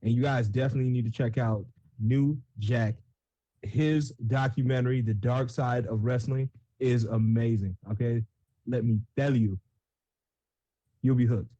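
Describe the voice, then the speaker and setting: A man's voice: medium pitch, steady tone, unhurried, mellow, no echo, highs cut off. A man co-hosting a casual gaming chat, rambling and joking with lots of filler words. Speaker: co-host.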